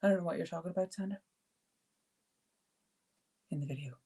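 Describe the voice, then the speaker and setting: A woman with a lowish, warm, breathy voice speaks fairly quickly while hosting a live art therapy stream. She keeps things casual, laughs a lot, and answers viewers' comments along the way.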